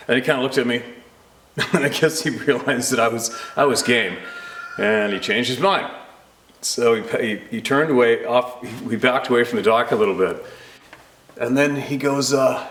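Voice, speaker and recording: A man casually telling a personal story with animated energy, laughing often and acting out the voices of the people in it. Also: mid-range voice, brisk, reverberant. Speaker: storyteller recounting a personal encounter. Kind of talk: casual spoken anecdote.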